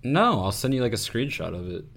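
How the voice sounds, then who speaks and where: A man's voice: medium pitch, very animated, brisk, gravelly, fairly bright tone. A man co-hosting a casual football chat, crude and joking, often laughing as he talks. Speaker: podcast co-host.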